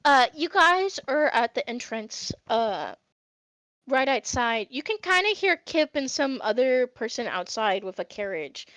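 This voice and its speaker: A woman's voice: on the high side, sing-song, unhurried, a bit bright, no room sound. A woman narrating a live tabletop game as game master, casual and giggly, with many fillers.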